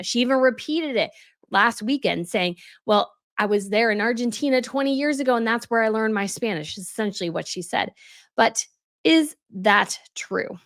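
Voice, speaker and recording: An American woman with a neutral accent gives rambling, chatty commentary on royal news in a casual vlog, full of asides. Her voice is a little high and a bit bright, recorded at studio quality with no room sound.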